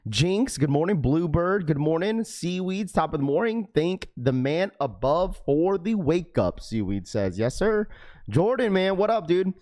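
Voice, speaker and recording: A man's voice: on the high side, very animated, unhurried, a little mellow. Young male streamer, easygoing and upbeat, rattling off greetings to chat. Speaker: live stream host. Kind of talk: casual live stream chat.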